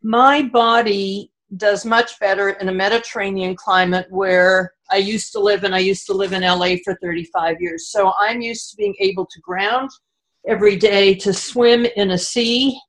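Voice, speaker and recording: A woman's voice: medium pitch, steady tone, normal speed, low-quality recording. A woman from Canada asking an anxious, pleading question on a video call, her words full of restarts. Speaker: caller.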